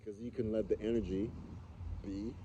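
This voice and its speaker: A man's voice: on the low side, steady tone, normal speed, mellow. A man co-hosting a podcast, talking earnestly and philosophically in casual chat, repeating phrases for emphasis. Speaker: podcast co-host. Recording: noisy background.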